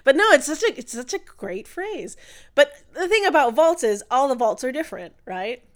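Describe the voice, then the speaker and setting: A woman with a fairly high voice co-hosts a casual podcast. She talks in an opinionated, chatty way, full of "like" and "I mean". She sounds eager to argue her view. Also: very animated, normal speed. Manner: chatty and opinionated, with lots of fillers. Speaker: podcast co-host. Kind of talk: casual chat.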